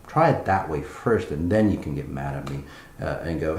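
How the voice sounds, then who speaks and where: Casting note: very low-voiced man, blunt meditation teacher, swears freely, halting speech with lots of "uh"s, echoey room. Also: darkish tone. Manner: blunt, swearing, many fillers and restarts. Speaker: spiritual teacher. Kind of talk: guided meditation talk.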